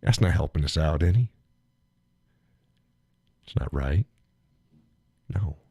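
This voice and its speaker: A man's voice: extremely low pitch, animated, slow pace, dark tone, breathy edge, no room sound, clean studio sound. A man hosting a live stream, chatting casually with viewers in a rambling, folksy way and chuckling often.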